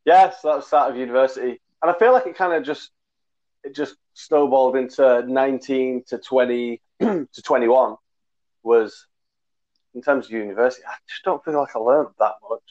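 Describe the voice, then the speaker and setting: A man's voice: mid-range voice, normal speed, a little mellow. A man in his twenties chatting casually, a rambling storyteller who corrects himself as he goes. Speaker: podcast co-host. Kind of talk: casual chat. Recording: muffled lo-fi recording.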